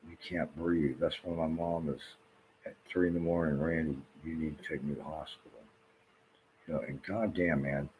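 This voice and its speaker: Very deep-voiced agitated rambling man. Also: a little hiss or hum, rough recording. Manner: restless, repeats himself, swears often. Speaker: vlogger. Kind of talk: rambling agitated monologue to camera.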